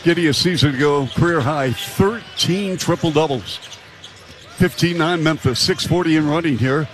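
This is a male basketball play-by-play announcer whose voice sits a little high and pushes to a shout when the action peaks. He calls each possession fast and punchy. The broadcast carries steady arena noise behind him. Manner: rapid, punchy calls that rise to shouts on big plays. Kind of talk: live basketball commentary.

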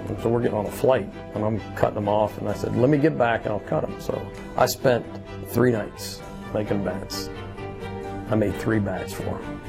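Gravelly man telling a lively story. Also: fairly low pitch, moderate pace, music in the background. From Louisiana. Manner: animated storyteller acting out other people's lines. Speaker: baseball bat maker, guest. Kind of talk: storytelling interview.

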